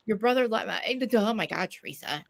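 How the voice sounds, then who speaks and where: A woman hosting a casual gossip chat, talking in a profane, animated way and acting out the quotes she tells. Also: medium pitch, brisk, vocal fry. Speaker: podcast host. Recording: dry home streaming mic.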